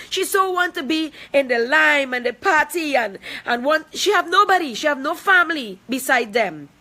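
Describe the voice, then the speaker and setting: A woman's voice: high voice, lively intonation, normal speed, hardly any pauses, sharp tone. A woman, speaking out in a confrontational, emphatic personal video, repeating points for force. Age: 40s. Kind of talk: angry personal video statement.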